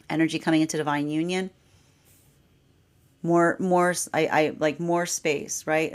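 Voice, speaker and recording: A woman giving a live tarot reading, rambling and repeating herself, with frequent "right?" and "like". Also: deep voice. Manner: laughs often, quoting the energy's voice. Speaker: tarot reader.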